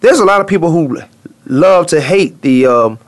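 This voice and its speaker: Male sports-talk host, slightly high voice, emphatic and teasing, casual banter. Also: expressive, moderate pace. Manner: emphatic, teasing, drops to low mutter for asides.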